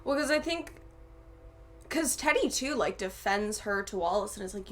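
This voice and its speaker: A woman's voice: mid-range voice, normal speed, slight background noise. A young woman hosting a casual movie review chat, retelling scenes with laughter. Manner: animated, laughing retelling, acts out quotes.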